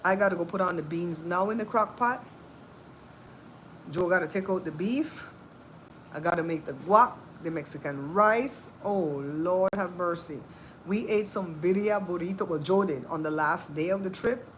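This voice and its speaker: A woman's voice: lowish voice, moderate pace, a little hiss or hum, rough recording. A woman hosting a cooking channel, talking in a casual, sassy, chatty way. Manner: animated, chatty, sassy asides. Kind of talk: casual chat.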